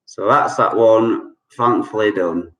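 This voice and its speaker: A man with a fairly low, fairly bright voice takes his time as he hosts an online quiz night over video call from home during lockdown. He repeats each clue multiple times and explains the answers with chatty humor.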